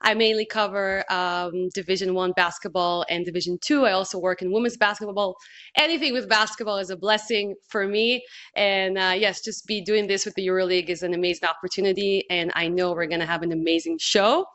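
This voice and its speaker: A woman's voice: mid-range voice, steady tone, brisk, a bit bright. Upbeat woman hosting a sports podcast. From Israel. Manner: enthusiastic, laughs often, uses fillers. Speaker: podcast host, sports TV presenter. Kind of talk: casual podcast chat.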